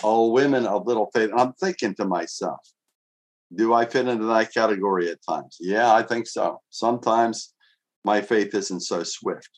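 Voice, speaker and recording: Outdoors in winter, a pastor preaches a sermon in an earnest, conversational way, reading scripture aloud and asking his listeners rhetorical questions. His voice is fairly low, and he keeps a moderate pace.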